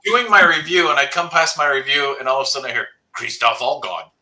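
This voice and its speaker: A man hosting a casual panel chat, telling blunt, animated stories and swearing freely. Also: a little high, fast, far from the mic, poor audio.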